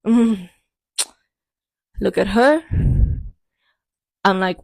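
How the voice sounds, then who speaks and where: A woman's voice: mid-range voice, slow pace, creaky, darkish tone, dry recording. A young woman tells a personal story to camera, in a dry, sardonic way. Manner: dry, sardonic, repeats a catchphrase between beats. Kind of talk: storytime vlog.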